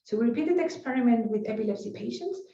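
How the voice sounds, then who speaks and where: A woman's voice: fairly high pitch, animated, quick pace, dark tone. Woman lecturing, roomy and distant. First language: Spanish. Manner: conversational, peppered with "you know" and restarts. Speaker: neuroscience researcher giving a talk. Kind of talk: conference lecture. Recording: roomy, distant, dull lecture-hall recording.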